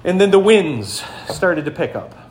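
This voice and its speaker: A pastor with a high voice delivers his sermon in a relaxed, storytelling way, turning often to his listeners with questions. He is a man, and his voice rings in an echoey room with a faint hum behind it. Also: measured pace. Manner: conversational storytelling, speaks to the congregation directly.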